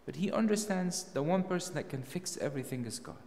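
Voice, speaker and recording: A man preaching a sermon, emphatic and full of rhetorical questions, his voice rising to loud peaks. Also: on the high side, lively intonation, a little fast, big-room sound.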